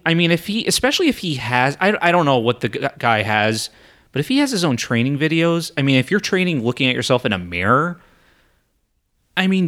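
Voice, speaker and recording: Young man with a lively, higher voice. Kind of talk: casual chat.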